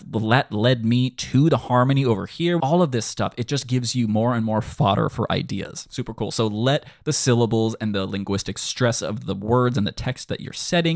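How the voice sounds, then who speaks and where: A man teaching melody writing in a casual tutorial, animated and quick, now and then singing bits of lyrics. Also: lowish voice, no echo, clean studio sound. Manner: animated, quick bursts, sings snippets of lyrics. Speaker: music composition teacher.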